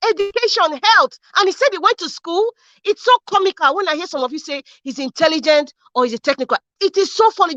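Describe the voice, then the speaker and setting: In her political commentary vlog, a young woman from Edo State, Nigeria, launches into an impassioned political rant with a high, bright, forceful voice. She's furious and fiery, repeating herself and hurling rhetorical questions, and the audio has no echo but sounds dull and lo-fi.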